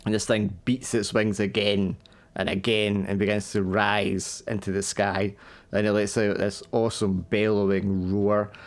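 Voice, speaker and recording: A man running a tabletop role-playing game online, narrating the scene vividly and teasing his players. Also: fairly low pitch. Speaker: game master.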